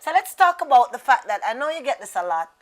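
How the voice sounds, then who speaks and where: A woman's voice: high voice, sing-song, fast talker. A woman hosting a talk show in casual chat, upbeat and playful with her guest.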